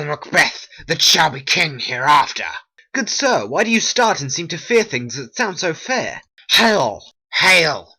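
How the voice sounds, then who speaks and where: A performer putting on a trio of old witches for a homemade stop-motion play. They chant slowly, with a bright, husky tone, and the pitch swings widely. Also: heavily acted, low-quality recording. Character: cackling weird sisters, old witches. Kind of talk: homemade animation voice acting.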